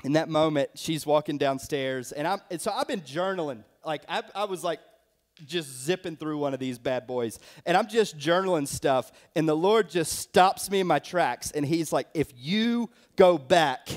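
Young male pastor, slightly high voice, casual sermon testimony, lots of filler words. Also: moderate pace. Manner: conversational storytelling with many fillers.

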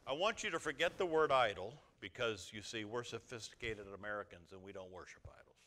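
A man preaching a sermon to his congregation as their pastor, swinging from quiet asides to loud exhortation. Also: fairly low pitch, expressive, fairly quick. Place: church sanctuary before a congregation.

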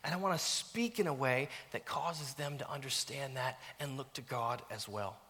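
A middle-aged man preaching a sermon as a pastor, animated and self-mocking, dropping to near-whispers at times. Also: mid-range voice, normal speed. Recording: long reverb of a church hall.

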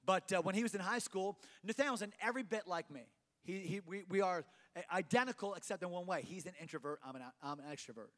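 A middle-aged man preaching a sermon, emphatic, swinging from loud to quiet and repeating phrases for effect. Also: high voice, quick pace, big-room sound.

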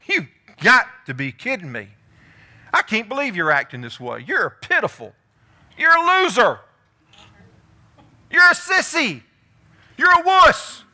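A man's voice: on the high side, huge pitch swings, normal speed, bright, forceful tone, exaggerated voice. A preacher voicing a domineering queen who belittles her husband, demanding and mocking. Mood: scornful.

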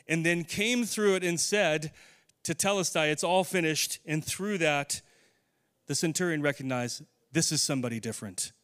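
A man preaching a sermon in a church, earnest, slowing and softening into prayer. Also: fairly high pitch, clean tone. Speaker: pastor.

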